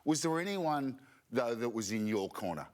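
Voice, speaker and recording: A man's voice: medium pitch, animated, moderate pace. An Australian man on a sports panel, talking in an easygoing way and asking follow-up questions. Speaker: panel host. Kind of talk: casual panel chat.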